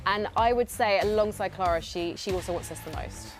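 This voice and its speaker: A woman hosting a live esports final, steering the conversation and turning questions to her co-hosts. Her delivery is relaxed and conversational at a middle pitch. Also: fairly quick, soft background music. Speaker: broadcast host. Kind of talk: live broadcast presenting.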